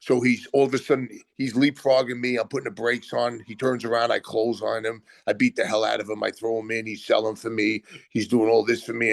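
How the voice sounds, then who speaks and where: An older man telling animated stories as a guest, acting out other people's lines in quotes. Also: lowish voice, creaky, no room sound. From Brooklyn, USA. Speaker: retired pro wrestler guest. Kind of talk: animated storytelling.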